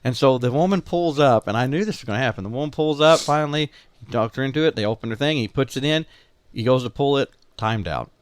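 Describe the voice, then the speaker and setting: A man's voice: mid-range voice, fast, smooth, dry recording. A man with a Southern Illinois accent telling a long family story in casual podcast chat, acting out the voices of the people in it. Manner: animated storyteller, acts out quoted family voices. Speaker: podcast co-host.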